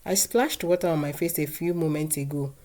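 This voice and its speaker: A woman voicing a patient young wife in a storybook tale, soft and pleading yet firm. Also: deep voice, fairly quick, close to an everyday voice. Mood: gentle.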